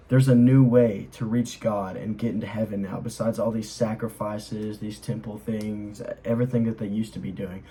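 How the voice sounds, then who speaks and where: A man's voice: lowish voice, mellow, a little hiss or hum, poor audio. A young man explaining a Bible chapter in a casual, earnest way, rambling with lots of fillers as he reads and comments. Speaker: Bible study host.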